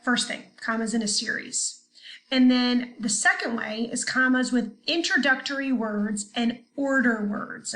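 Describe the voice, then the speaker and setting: A woman's voice: fairly high pitch, a bit bright, poor audio. A woman teaching a recorded grammar lesson to third graders in a chatty, upbeat way, talking directly to the children. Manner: chatty, upbeat, talks straight to young students.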